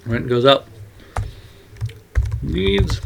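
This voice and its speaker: This man's medium-pitched voice has lively intonation and vocal fry, and he speaks very slowly over a noisy background. He thinks out loud while writing, muttering and wandering off topic, his sentences trailing away. He talks into a mic covered by a glove as keys clatter behind him.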